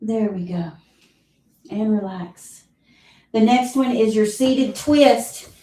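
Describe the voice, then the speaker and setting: A woman with a Southern US accent leading a live exercise class, counting reps and giving steady cues, heard from a distance in an echoey room. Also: medium pitch. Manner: counts reps aloud, encouraging cues, clears throat often. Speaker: fitness instructor. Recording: roomy echo, voice from far off.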